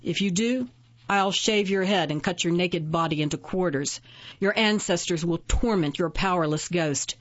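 A proud, scornful imprisoned witch , as a woman narrator puts her on, answering in cold, cutting retorts. The voice sits fairly low and is recorded dull and dry, close to the mic. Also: normal speed, no echo, lightly acted.

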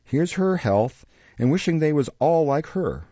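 Guy doing a big rough housebreaker, blunt coarse talk, darkish tone, muffled recording. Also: on the high side, sing-song, unhurried, mellow, no room sound, voice pushed up. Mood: gruff. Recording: dull lo-fi recording.

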